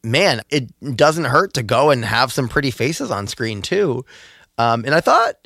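A man co-hosting a podcast in casual chat, musing and asking questions, slowing down to draw out details. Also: medium pitch, very animated, creaky, a bit bright, dry recording, studio quality. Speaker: podcast co-host.

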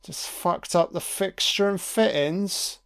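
A man's voice: high voice, slow, gravelly, fairly bright tone, clean tone. Sweary man commenting on a film. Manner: chatty, sweary, amused.

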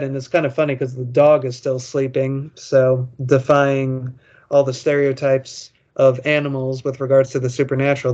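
A man's voice: medium pitch, darkish tone, highs cut off. A man co-hosting a podcast, reading a children's ghost story aloud and rambling through wry, joking asides. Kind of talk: casual podcast chat, reading aloud and commenting.

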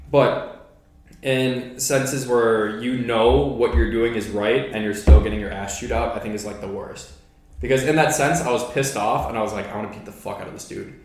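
A man's voice: mid-range voice, moderate pace. Casual swearing young man, echoey room. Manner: casual, swears a lot, lots of "like" fillers. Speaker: podcast host. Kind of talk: casual podcast storytelling.

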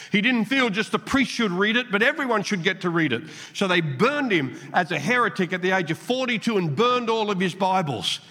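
A middle-aged man, a pastor, preaching a sermon with animated, playful storytelling and sudden drops in pitch, recorded in a church auditorium. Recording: long reverb of a large hall.

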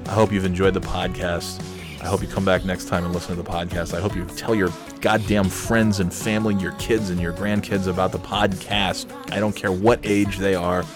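A man hosting a casual solo podcast, signing off in a rambling, sarcastic and crude way with mock-sincere pep talk. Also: deep voice. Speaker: podcast host. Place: at home on a Sunday night.

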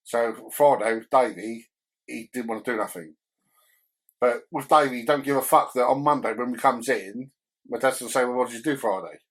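A man's voice: mid-range voice, a little fast, a bit bright, husky, rough recording. A young man co-hosting a podcast, telling family stories in casual chat, swearing freely and laughing as he goes. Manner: profane, laughing storyteller. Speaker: podcast co-host.

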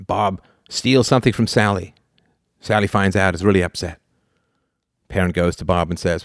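A man giving an animated philosophy lecture, full of rhetorical questions and laughing asides. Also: low voice, normal speed, pauses often, dry recording, clean studio sound.

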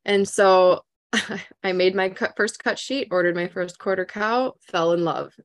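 Minnesotan woman in her thirties, podcast guest, chatty storyteller who laughs a lot, mid-pitched voice. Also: unhurried, no room sound. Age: 30s. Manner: chatty, laughs often, animated retelling. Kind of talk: casual storytelling chat.

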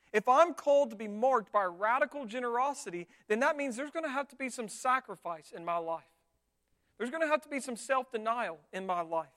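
A man preaching a sermon as pastor, talking conversationally and often checking in with his listeners with rhetorical tags. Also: extremely high pitch. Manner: conversational, with frequent rhetorical tags and animated retellings.

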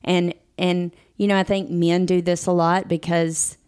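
Female co-host, somewhat low voice, conversational and affirming. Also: little pitch movement, a little slow, a little mellow, clear, resonant tone. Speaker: podcast co-host. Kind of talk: casual chat.

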